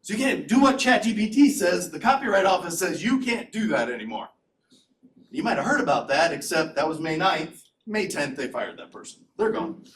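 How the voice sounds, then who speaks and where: A middle-aged man giving a conference talk in a lecture hall, conversational and animated, with rhetorical questions. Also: high-pitched, moderate pace, a little hiss or hum. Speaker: conference speaker. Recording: echoey room, distant mic.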